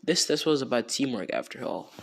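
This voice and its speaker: A calm grown ninja teacher gives a verdict in a matter-of-fact tone, as a man puts him on in a spoken fan story. The voice is in a middle male register with a lively pitch. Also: a little fast, creaky.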